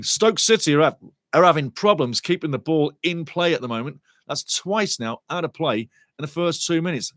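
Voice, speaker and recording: A man's voice: a little high, animated, normal speed, no room sound. Chatty man hosting a football watchalong. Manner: chatty, rambling, shouts out to viewers. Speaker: watchalong host. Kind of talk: live match commentary watchalong.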